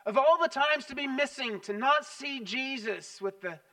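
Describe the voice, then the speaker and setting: A pastor preaching a sermon, telling stories with animated, emphatic repetition. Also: male voice, very high-pitched, normal speed, far from the mic.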